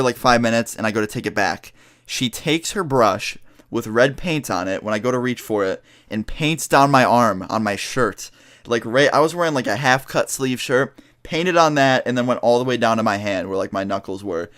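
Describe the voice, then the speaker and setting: Fast-talking profane male vlogger. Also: mid-range voice. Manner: fast, profane, animated storytelling. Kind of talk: storytime vlog.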